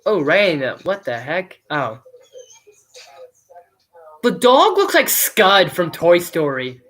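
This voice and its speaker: A man hosts a loose live stream, chatting to viewers while he reviews a movie. His voice is bright and clear. He rambles and fills his talk with "like" and "um". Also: sits high, huge pitch swings, takes it slowly. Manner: rambling and chatty, with many fillers. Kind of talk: casual live-stream commentary.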